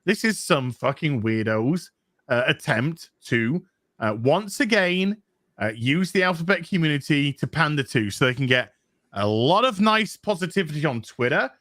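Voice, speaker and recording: Male co-host, high bright voice, heated sweary rant. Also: moderate pace, no room sound. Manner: profane and animated, mocking voices of others. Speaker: comic book show co-host. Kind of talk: heated opinion rant on a livestream panel.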